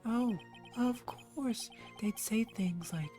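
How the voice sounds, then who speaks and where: A woman voicing a nervous, stammering young man defendant, flustered and quick to deny. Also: a little high, warm tone, soft background music. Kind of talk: fan voice acting over a game.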